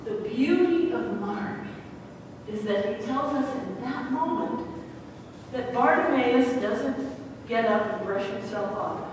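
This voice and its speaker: A woman pastor giving a sermon, telling a scripture story with lively acted-out bits. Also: a little high, slow pace, a little hiss or hum. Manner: lively storytelling, acting out the scene. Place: large church sanctuary. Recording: distant mic in echoey hall.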